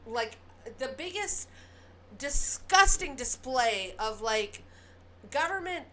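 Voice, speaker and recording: High, bright-voiced woman ranting to viewers. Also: a little hiss or hum. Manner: emphatic, profane, talks straight to viewers. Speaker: political commentary host. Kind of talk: casual ranting commentary.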